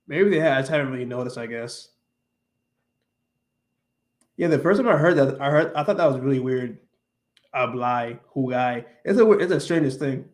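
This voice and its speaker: A livestream host with a medium-pitched, expressive voice chats casually with viewers at normal speed, pausing often. He rambles with many restarts and fillers, mixing English and Spanish.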